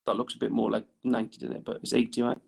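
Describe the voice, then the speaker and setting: A man's voice: mid-range voice, completely flat delivery, very fast, gravelly, darkish tone, husky. A male teacher giving an engineering lesson in a classroom. He talks while drawing on the board and keeps checking in with "right?" tag questions.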